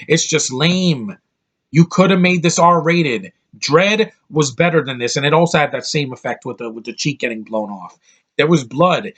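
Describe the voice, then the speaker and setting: A man's voice: mid-range voice, fairly bright tone. A man giving an exasperated, blunt movie review rant, swearing freely and often repeating himself as he talks.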